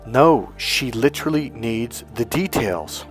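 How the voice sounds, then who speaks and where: A man's voice: mid-range voice, animated, slow pace, faint music behind. A man giving a solo coaching monologue on relationships, talking emphatically and acting out what husbands and wives say to each other. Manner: emphatic, acts out quoted couples' lines.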